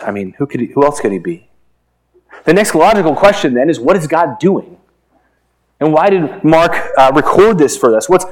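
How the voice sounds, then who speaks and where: A man preaching a sermon in a conversational way, asking the congregation questions and retelling the story. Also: mid-range voice. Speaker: pastor.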